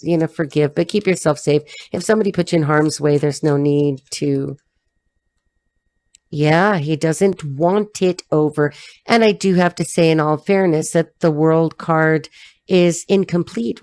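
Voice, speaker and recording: Low-voiced blunt Southern Californian woman reading tarot. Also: steady tone, a little slow, a little mellow, clear, resonant tone, dry recording. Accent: Southern Californian American. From Los Angeles, Southern California. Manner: blunt, profane and chatty, laughing often; acts out the cards' characters in quoted voices. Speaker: tarot reader. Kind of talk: casual channeled tarot reading.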